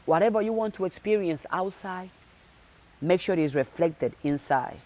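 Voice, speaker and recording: With a fairly low, animated and slightly mellow voice at a moderate pace, a female motivational speaker talks to her viewers. Insistent and direct, she keeps repeating phrases to press each point.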